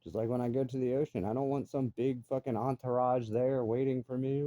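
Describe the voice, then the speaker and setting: A man's voice: mid-range voice, fairly even intonation, brisk, few pauses, warm tone, no echo. A middle-aged man ranting bluntly and profanely in a casual monologue. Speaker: vlogger.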